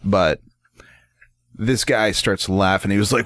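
A man's voice: fairly low pitch, measured pace, a bit bright, no room sound. A man in casual chat, telling a rambling story with lots of swearing and laughter.

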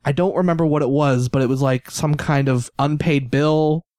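A man's voice: fairly high pitch, steady tone, moderate pace, darkish tone, no room sound, studio quality. A man co-hosting a podcast, recalling events in a rambling, casual way and searching for words. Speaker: podcast co-host. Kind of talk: casual storytelling chat.

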